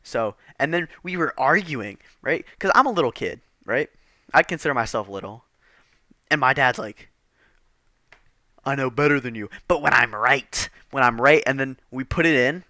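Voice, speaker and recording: A man's voice: medium pitch, lively intonation, moderate pace, pushed and bright, no room sound, clean studio sound. A man telling a rambling, profane storytime, exasperated and casual.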